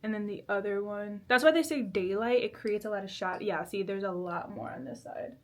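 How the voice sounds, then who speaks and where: Her voice is mid-range, brisk and a little mellow. The speaker is a vlogger in her twenties who giggles and chats away, teasing herself, while putting on makeup in her bedroom at home.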